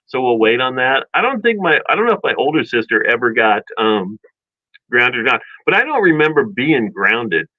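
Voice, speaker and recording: A man's voice: mid-range voice, moderate pace, dry recording. Guy on a radio show rambling thru a childhood story, does little voices for his family, slightly muffled broadcast sound. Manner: rambling, animated storyteller acting out family quotes. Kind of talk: casual storytelling chat. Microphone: studio microphone.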